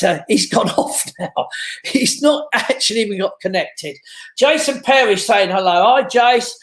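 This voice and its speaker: Chatty man with a high voice. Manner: chatty, jokey, laughs often, greets viewers as darling. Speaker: host of a home live stream. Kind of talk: casual live-stream chat reading out viewer comments. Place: room in his home. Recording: echoey room.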